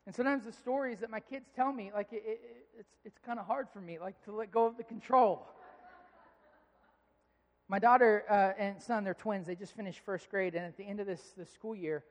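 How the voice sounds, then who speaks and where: A man in his thirties preaching a sermon, telling family stories in a relaxed, conversational way. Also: sits high, brisk, some chatter behind. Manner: conversational, storytelling, animated when amused. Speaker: pastor. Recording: long reverb of a large hall.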